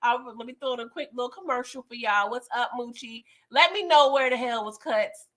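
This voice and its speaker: A young adult woman hosting a casual live stream, animated and often laughing as she chats with viewers. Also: on the high side, brisk. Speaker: livestream host reviewing a TV episode.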